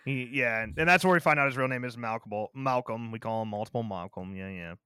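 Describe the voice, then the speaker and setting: A man's voice: mid-range voice, fast talker, bright, forceful tone, clean tone, dry recording, studio quality. A man co-hosting a casual movie review podcast, laid-back and hesitant, often trailing off. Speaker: podcast co-host.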